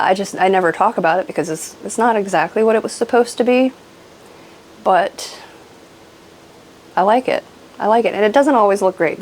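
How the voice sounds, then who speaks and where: A woman with a medium-pitched, slightly mellow voice hosts a casual houseplant show-and-tell vlog. An adult with a grown daughter, she's chatty and self-deprecating, laughs often and trails off with ums; the recording is rough with slight background noise.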